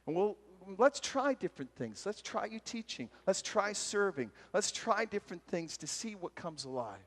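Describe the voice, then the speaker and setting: A man giving a retreat sermon, telling a story and acting out its voices with lively energy. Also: high-pitched, moderate pace. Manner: animated, acts out voices in stories. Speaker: retreat speaker. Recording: long hall reverb.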